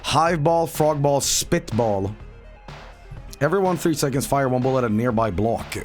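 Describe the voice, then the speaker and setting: A man's voice: medium pitch, lively intonation, moderate pace, faint music behind. A man streaming a video game, rambling and profane about a dream and the game. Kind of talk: casual game stream commentary.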